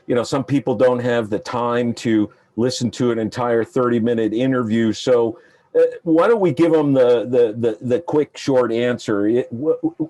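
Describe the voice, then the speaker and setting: A man's voice: medium pitch, dark tone. Playful male interview host. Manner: playful, teasing questions. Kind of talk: casual interview.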